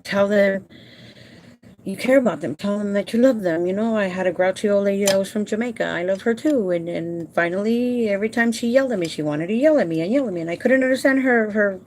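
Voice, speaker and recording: A woman who works as a home care provider, talking casually and warmly to her viewers from home, emotional and halting at times. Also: medium pitch, a little hiss or hum. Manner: emotional and heartfelt, addresses viewers as "you guys"; halting with repeated restarts when upset.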